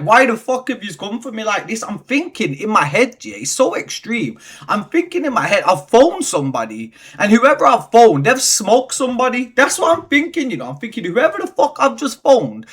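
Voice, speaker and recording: A man telling a story in a casual vlog, animated and slangy, swearing freely. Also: sits high, husky. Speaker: vlogger.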